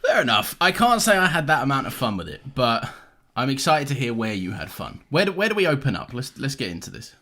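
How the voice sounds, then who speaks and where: A man's voice: medium pitch, sing-song, fast, pushed and bright. A man co-hosting a podcast in casual chat, recapping an episode in a playful, giggly way. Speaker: podcast co-host.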